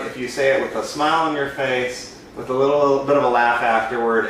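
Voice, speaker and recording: Speaking at a medium pitch with a slightly bright edge, this man co-hosts a podcast and works as a balloon entertainer. He shares easygoing, self-deprecating anecdotes about his job in a casual chat. The room is very echoey, the mic sits far away, and there's faint noise.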